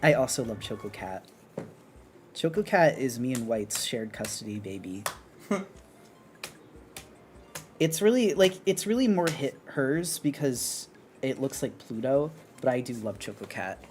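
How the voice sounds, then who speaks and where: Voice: mid-range voice, animated, measured pace, pauses often, darkish tone, faint music behind. A streamer chatting casually while drawing, rambling with lots of fillers and restarts. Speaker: art streamer. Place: apartment on an upper floor.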